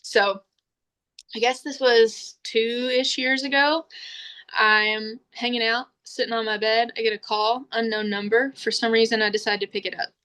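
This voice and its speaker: A woman's voice: a little high, unhurried, smooth. A young woman hosting a podcast, telling a story in casual chat and acting out the voices she quotes. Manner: animated storyteller, acts out quoted voices, laughs often. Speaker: podcast host.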